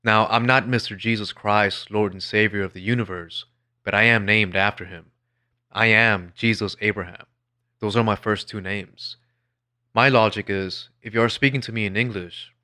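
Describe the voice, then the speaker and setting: Dude reading his own story, lowish but bright voice, blunt and sarcastic. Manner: wry, blunt and sardonic. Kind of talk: scripted personal narration.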